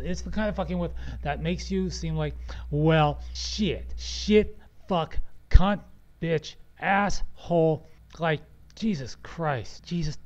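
A man's voice: fairly high pitch, a little mellow. A young man ranting furiously at his computer, swearing constantly and stammering as he repeats words. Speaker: podcaster. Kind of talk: angry rant. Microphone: computer voice recorder. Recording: muffled lo-fi home recording.

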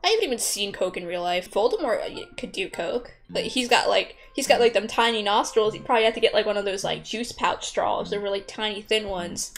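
A woman's voice: medium pitch, lively intonation, brisk, few pauses. A young woman rambling casually as she draws, swearing a lot, mocking herself and laughing often. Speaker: artist vlogger. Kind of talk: casual rambling commentary while drawing. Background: soft background music.

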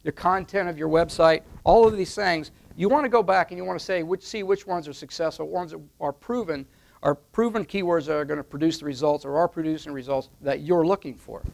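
A man with a slightly raised, gravelly voice walks through a list of business steps one by one. He talks in an emphatic teaching manner and keeps checking in with "okay?" as he points to a board. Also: on the high side, a little fast. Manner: step-by-step, emphatic, repeats with "okay?". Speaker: online marketing consultant. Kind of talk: instructional talk at a whiteboard.

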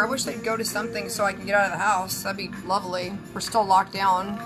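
A woman with a Southern US accent, a psychic and spiritual advisor, chats candidly with viewers on a live stream while doing her hair and makeup. Her mid-range voice stays steady as she talks quickly with hardly any pauses. Music plays in the background of the rough recording.

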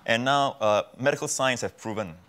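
Male pastor, mid-pitched, emphatic, preaching as a guest in a TV studio interview. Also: normal speed, fairly bright tone. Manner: emphatic, repeats phrases for effect. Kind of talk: preaching in a talk show interview.

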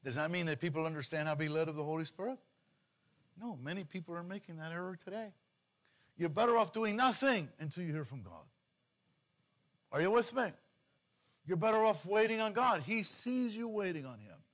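A man preaching to his congregation in a voice that sits a little high. He fires questions at the room and answers them himself. He swells loud and high to drive a point home, then sinks low and quiet when he quotes scripture. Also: expressive, a little fast, long pauses. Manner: preaching with call-and-response questions. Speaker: pastor. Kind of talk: sermon.

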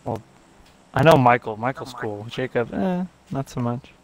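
A young man trades jokes and insults with friends over a game. His voice sits in an ordinary middle pitch, and he swears freely and trash-talks. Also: animated, moderate pace. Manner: trash-talking, swearing, joking. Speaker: gaming friend. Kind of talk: casual gaming chat.

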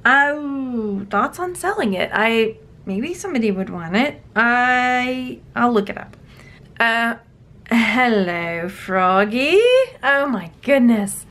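A woman's voice: a little high, animated, slow pace, fairly bright tone. A woman, chatting playfully in a casual unboxing vlog, sorting jewelry to resell. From Texas. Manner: chatty, playful, talks to objects.

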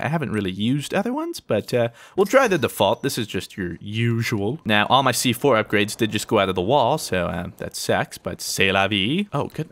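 A young man giving live commentary on a game he is playing, yelping when startled and making cocky asides to viewers. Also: mid-range voice. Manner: excitable, yelps and squeals when startled. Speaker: gaming video host.

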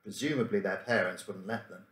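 A man reading a children's book aloud in a measured way, bringing the dialogue to life with lively voices. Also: on the low side. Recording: roomy room echo.

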